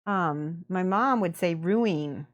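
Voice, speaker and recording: On a dull-sounding recording, a woman from the American Midwest with a lowish voice talks a little slowly while painting miniatures on stream. She's chatty, laughs a lot, reads chat aloud and plays with pronunciations.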